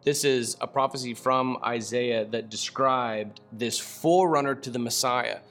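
Man, mid-pitched, animated and slangy Bible teacher who reads scripture and laughs at his own asides; faint music underneath. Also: unhurried.

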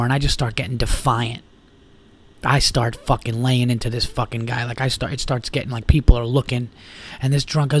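A man's voice: mid-range voice, moderate pace. A man hosting a podcast, telling a rambling, profane story in a casual way and acting out the voices of the people in it. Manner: profane, animated, acts out quoted voices.

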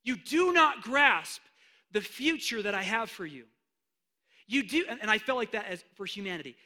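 A man preaching a sermon, animated, swinging between hushed asides and loud emphatic declarations. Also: sits high, brisk. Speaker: pastor.

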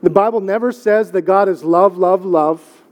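A middle-aged man preaches in a casual, conversational way, leaning on repetition and questions to the congregation. His voice sits high for a man. The sound carries a long hall echo from the church. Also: moderate pace, a little mellow. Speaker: pastor. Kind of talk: sermon. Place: church sanctuary.

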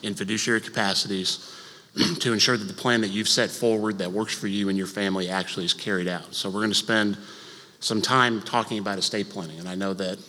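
Soft-spoken guy in his 30s giving a church class on estate planning, low-ish voice with a bright edge, big hall reverb around him. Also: steady tone, brisk. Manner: conversational, with fillers and light jokes; speaks softly. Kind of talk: informal lecture to a congregation. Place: church auditorium. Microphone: microphone. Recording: long reverb of a large hall.

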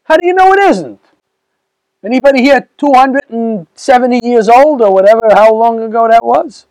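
Very high-voiced man lecturing. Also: normal speed, dry recording, poor audio. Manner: animated, rhetorical, questions the audience. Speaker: rabbi. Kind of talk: lecture to a live audience.

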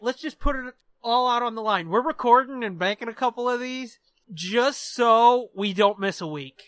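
A young man hosts a podcast and talks in a loose, joking way, loud and full of swearing. His voice is bright and forceful, and it sits at a middle pitch. The sound is dry and close, with no room echo. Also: moderate pace. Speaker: podcast co-host. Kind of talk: casual chat.

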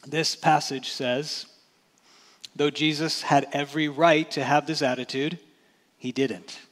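A man's voice: a little high, little pitch movement, a little slow. A man preaching a sermon as pastor, talking to the congregation in a conversational way and asking rhetorical questions. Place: church sanctuary. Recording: church hall reverb.

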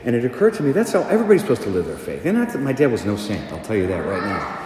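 A middle-aged man and pastor preaching a sermon, conversational and animated, asking the congregation questions. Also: fairly low pitch, rapid-fire, slight background noise. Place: church. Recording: echoey church, long reverb, faint ambience.

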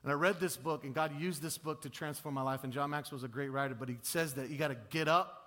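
A male pastor delivers a fervent sermon with a slightly high, bright voice. He swings from loud exhortation to quiet, intimate appeals, stumbling over repeated words as he presses his point. His voice rings out with a long reverb in a large sanctuary. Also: steady tone, fast talker. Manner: impassioned, swings between booming and hushed, repeats words. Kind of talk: sermon with altar call. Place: church sanctuary.

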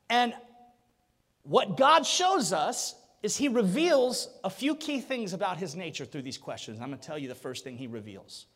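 A male pastor preaching a sermon, animated, firing rhetorical questions and swelling to a shout. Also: sits high, moderate pace, long reverb tail.

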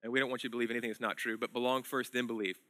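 A man preaching a sermon as pastor, telling a story in a conversational way and swinging between loud emphasis and hushed lines. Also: medium pitch, little pitch movement, racing, dry recording.

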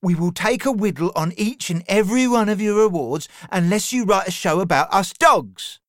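A man's voice: sits high, lively intonation, moderate pace, fairly bright tone, no echo, clean studio sound, voice pushed up. A man voicing a cheeky, pushy dog. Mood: bossy. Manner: cheeky, pushy, mock-polite. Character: bold, cheeky male dog making demands. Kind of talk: storybook reading.

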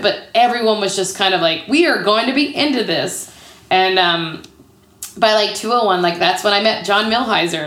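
Female improv comic, 30s, rambling podcast guest, mid pitch, echoey room. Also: fairly bright tone. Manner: chatty, peppered with "like". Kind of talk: casual storytelling interview. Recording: roomy echo.

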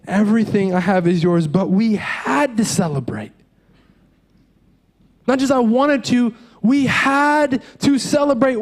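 A man in his thirties with a notably high voice preaches a sermon as a pastor. He talks in an earnest, conversational way, racing through asides and then slowing right down for the emphatic lines. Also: a little mellow.

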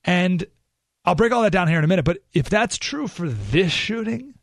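A man hosting a talk radio show, speaking casually but emphatically. He slows right down to stress his points and breaks into animated outbursts. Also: high-pitched, gravelly, dry recording, studio quality. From San Diego area. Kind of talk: conversational talk radio monologue. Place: radio studio. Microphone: studio microphone.

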